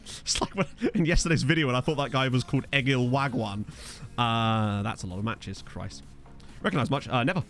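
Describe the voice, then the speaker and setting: Speaking a little fast at medium pitch, with a slightly bright tone and faint music behind, a young man from Essex streams a football management game. He's chatty, responds to viewers by reading chat aloud, and drops jokes in his Essex accent.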